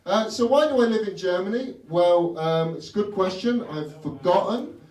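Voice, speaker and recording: A man's voice: high voice, lively intonation, normal speed, darkish tone. A young British man doing a stand-up comedy set, teasing the audience with wry rhetorical questions. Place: comedy club stage. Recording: roomy club from a distance with audience laughter.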